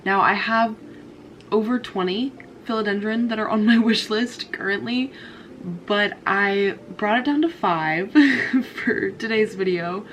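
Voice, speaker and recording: A woman's voice: medium pitch, unhurried, a bit bright, slight background noise. A young woman vlogging about her houseplants, chatty and gushing, with a stuffy nose from a cold. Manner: chatty and gushing, frequent "like" and laughs. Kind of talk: casual chat to camera.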